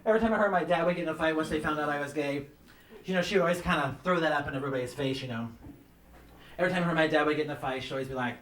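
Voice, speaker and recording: A man doing a stand-up comedy set, telling campy stories about his mother and mimicking her in a shrill voice, with audience laughter behind him. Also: rapid-fire, a bit bright. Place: comedy club stage. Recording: roomy club sound from some distance.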